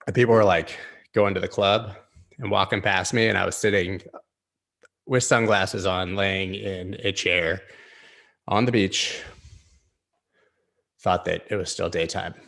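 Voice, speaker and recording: A man's voice: low-pitched, fairly even intonation, measured pace, creaky, long pauses, fairly bright tone. A man hosting a live-streamed chart analysis, rambling casually with jokey asides. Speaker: crypto chart analyst host.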